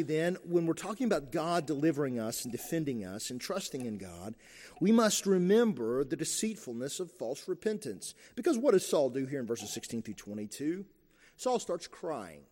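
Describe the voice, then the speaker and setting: High-voiced man preaching in a reverberant hall. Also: a little mellow. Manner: emphatic, repeats key phrases. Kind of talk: sermon.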